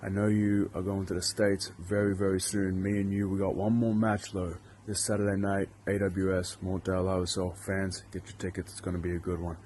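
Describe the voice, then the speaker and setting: A professional wrestler giving a farewell in a hyped promo style. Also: male voice, low voice, level tone, fairly quick, few pauses, darkish tone, slight background noise.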